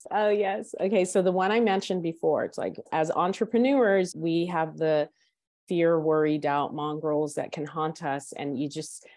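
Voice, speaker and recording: A woman with a fairly low voice talks in an earnest, gentle coaching way. She is a podcast guest, recorded dry and close on the mic. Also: a little slow, dry recording. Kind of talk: podcast interview.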